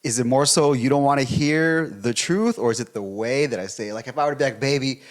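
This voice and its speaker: Measured, reasoning man co-host. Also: medium pitch, expressive. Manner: measured, explaining, reasoning step by step. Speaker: podcast co-host. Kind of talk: casual podcast debate.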